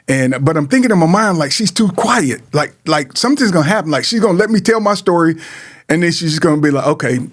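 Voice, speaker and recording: A middle-aged man from Georgia telling a personal story in an earnest, repetitive way, often calling to his listeners. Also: fairly high pitch. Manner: earnest, repeats words, addresses listeners as man and guys. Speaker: host sharing personal story. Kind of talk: emotional personal testimony.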